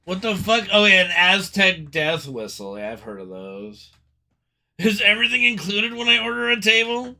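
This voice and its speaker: A man chats with his live-stream audience in an unhurried, swinging voice, riffing on whatever comes up. His tone is high and very bright, and he curses freely and breaks into sudden loud outbursts. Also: very animated, vocal fry. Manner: profane, loud outbursts and laughing asides to chat. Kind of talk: casual live-stream chat.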